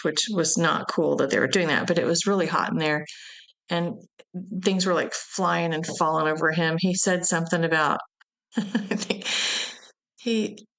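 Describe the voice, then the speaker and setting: Guest, woman, event director; lower voice, loose storytelling with laughs. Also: fairly bright tone. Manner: rambling, laughs while telling stories. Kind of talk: casual interview chat.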